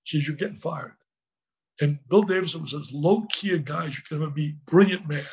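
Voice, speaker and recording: An older man, a former coach, telling emotional stories with lots of quoted dialogue in an excitable way. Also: on the high side, quick pace, breathy edge. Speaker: guest, former basketball coach. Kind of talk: animated storytelling.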